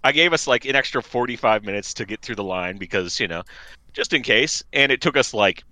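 Rambling man, bright and dry. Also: medium pitch, lively intonation, brisk, no room sound. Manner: rambling, filler-heavy storytelling. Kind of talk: casual chat. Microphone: remote call mic.

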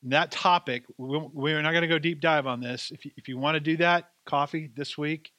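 A man's voice: on the high side, fairly even intonation, a little fast, sharp tone, no room sound. A man preaching a sermon as pastor, with a conversational, self-deprecating way of telling stories.

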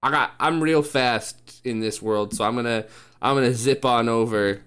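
A man's voice: mid-range voice, moderate pace, a bit bright, clean tone. A man playing a tabletop game, eager and tripping over his words. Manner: eager, stumbling restarts. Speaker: player. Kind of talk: casual tabletop play.

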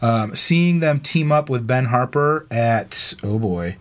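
A man's voice: mid-range voice, lively intonation, takes it slowly. A man co-hosting a casual podcast, laid-back and chatty, reading a listener's email aloud with asides and laughs. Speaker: podcast co-host.

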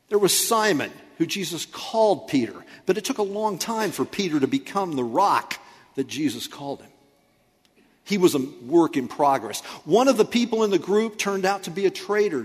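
A man's voice: a little high, slightly rough, big-room sound. A man preaching a sermon as pastor, conversational and lightly humorous. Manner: conversational preaching with playful asides.

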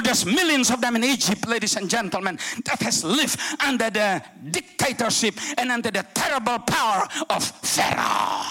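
Fervent high-voiced older male preacher. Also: vocal fry. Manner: fervent, shouting exclamations with wide swings between loud and hushed. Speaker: guest preacher. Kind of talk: sermon.

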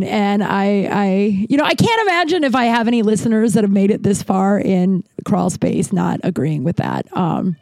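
A woman's voice: medium pitch, moderate pace, hardly any pauses, darkish tone, no echo. A woman hosting a solo podcast, talking in a heated, frustrated way and swearing often, recorded in her closet. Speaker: podcast host.

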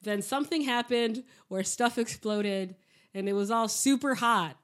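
Sick, husky woman podcaster. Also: a little high, a little slow. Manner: hesitant, self-deprecating, rambling. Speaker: podcast co-host. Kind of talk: casual chat.

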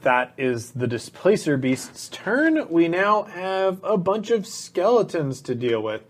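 A man narrating combat as game master of a tabletop game, playful and relaxed. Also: high voice, slow pace.

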